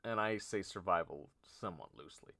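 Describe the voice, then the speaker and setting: A man streamer improvising a story aloud, halting and nervous, often trailing off and poking fun at himself. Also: sits low, sharp tone. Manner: halting, nervous, self-deprecating.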